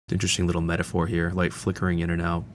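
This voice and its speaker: A man's voice: low voice, completely flat delivery, very fast, a little hiss or hum. A man hosting a casual film commentary, talking like an enthusiastic fan with frequent fillers and restarts. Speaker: channel host.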